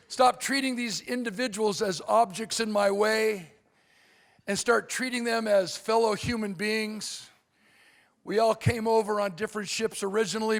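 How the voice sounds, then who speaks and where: Animated man with a gravelly high voice. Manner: animated, acts out characters in quoted voices. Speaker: motivational speaker. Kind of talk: keynote speech with comic storytelling. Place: convention hall.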